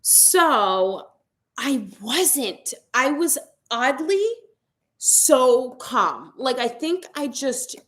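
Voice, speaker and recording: A young woman talks casually to her viewers, telling a story and acting out what everyone said. Her voice sits a little high. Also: very animated, extremely slow, a bit bright. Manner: chatty storytelling, acts out quotes. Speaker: vlogger. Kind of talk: casual livestream chat.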